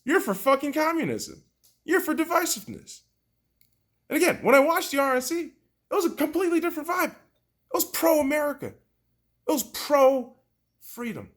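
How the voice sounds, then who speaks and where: A man hosting a podcast, delivering a heated, profane, mocking political rant that swings from loud outbursts to low muttering. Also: expressive, normal speed, pauses often. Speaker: podcast host.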